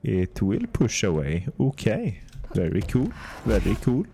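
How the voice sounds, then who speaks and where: A man putting on a deliberately bad Swedish accent in a whispered role-play ASMR voice, soft and hushed with mock-formal wording. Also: lowish voice, huge pitch swings, vocal fry, slight background noise, heavily acted. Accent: put-on Swedish.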